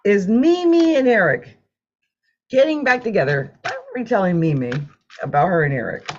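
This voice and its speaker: Reading tarot cards live on stream, this chatty woman laughs a lot and hums as she pulls each card, staying animated throughout. She speaks at a moderate pace in a lowish voice. There's slight background noise, and the audio is dull and lo-fi.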